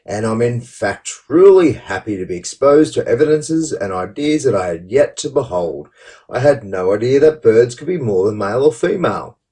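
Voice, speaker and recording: A man's voice: sing-song, moderate pace, dark tone, far from the mic, natural voice. A man voicing a theatrical, mock-polite commenter, mocking with exaggerated politeness. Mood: sarcastic. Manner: exaggerated sarcastic politeness, rising high pitch.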